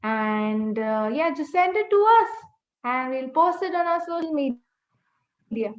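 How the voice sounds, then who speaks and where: A woman's voice: sits high, lively intonation, slow pace, a little hiss or hum. A woman teaching an online class, patiently drilling words and correcting pronunciation over and over. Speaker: language teacher. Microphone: video call. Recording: echoey, dull webinar audio.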